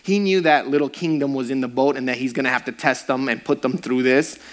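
A man's voice: medium pitch, fairly quick. Male pastor, earnest sermon delivery, mid-range voice, repeats for emphasis. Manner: earnest, repetitive preaching with rising emphasis. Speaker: grief counselor.

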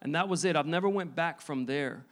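A man's voice: a little high, fairly bright tone. Earnest man preaching a testimony sermon. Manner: earnest, halting storytelling with many restarts.

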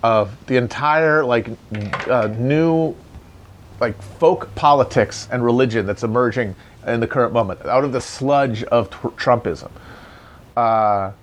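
A man's voice: mid-range voice, unhurried. A man hosting a casual, rambling political commentary, sardonic and profane. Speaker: commentator host.

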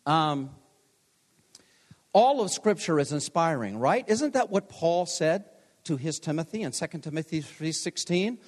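A pastor in his sixties gives a chapel sermon, mixing personal stories with gentle self-deprecating jokes. His voice sits fairly high for a man, with lively intonation at a slightly slow pace, and the large chapel adds a long reverb.

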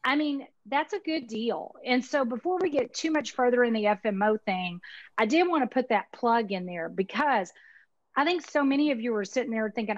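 A woman in her fifties with a Texas accent, chatting in a folksy, emphatic way full of Southern sayings. Her voice sits a little high, recorded close and dry over a slightly dull, lo-fi video call line. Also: animated, moderate pace, dry recording. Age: 50s. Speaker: insurance marketing organization owner, guest. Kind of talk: casual conversational interview.

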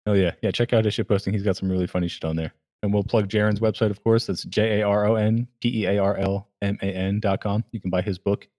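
A man hosting a podcast in casual chat, relaxed and a bit profane, with many fillers. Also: lowish voice, fast talker, hardly any pauses. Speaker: podcast host.

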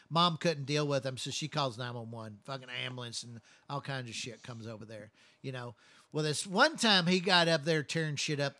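Male storyteller, profane and rambling, slightly higher voice, bright tone. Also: no echo. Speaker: first responder telling stories. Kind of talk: casual storytelling chat.

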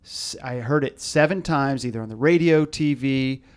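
Rambling, halting male podcast host. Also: mid-range voice, clear, resonant tone. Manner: rambling, halting, repeats himself. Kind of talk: casual chat.

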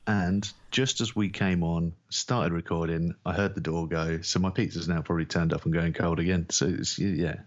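Deep-voiced, laid-back podcast co-host. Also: male voice, steady tone, moderate pace, few pauses, muffled recording. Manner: laid-back, dry, grumbling. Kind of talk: casual podcast banter.

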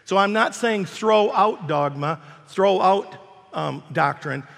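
Gravelly older pastor preaching in a hall. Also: male voice, sits high, animated, slow pace, a bit bright. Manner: emphatic preaching with repetitions. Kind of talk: sermon. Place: church sanctuary.

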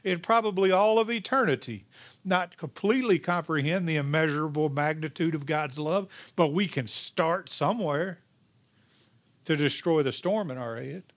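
A man's voice: on the high side, normal speed. Emphatic man preaching a sermon. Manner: emphatic preaching, rising and dropping to a hush. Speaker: pastor. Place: church sanctuary.

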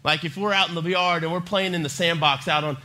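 A man's voice: on the high side, steady tone, fast, bright, forceful tone. A young man preaching to a youth group, telling humorous stories with plenty of energy. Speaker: youth pastor. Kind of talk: youth sermon. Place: church youth service.

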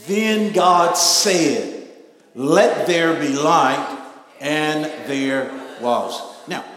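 A man preaching a sermon as pastor, building from slow, measured teaching to loud, drawn-out emphasis. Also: on the high side. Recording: echoey hall, mic at a distance.

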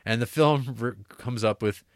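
A man's voice: mid-range voice, normal speed. A man on a podcast, casually and animatedly retelling a film's plot, cursing freely. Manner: animated storyteller, drops into quoted voices; curses casually. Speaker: podcast co-host. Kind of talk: casual chat retelling a film.

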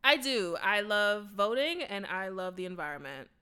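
A woman's voice: medium pitch, normal speed, clear, resonant tone. A young woman co-hosting a casual chat, telling stories dramatically and laughing often. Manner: animated, dramatic storytelling with lots of laughter.

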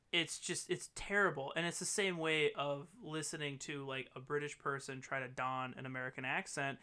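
A man's voice: on the high side, smooth. A man co-hosting a podcast, chatting casually and bluntly with frequent swearing. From US Midwest. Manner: blunt, profane, animated. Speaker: podcast co-host. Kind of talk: casual chat.

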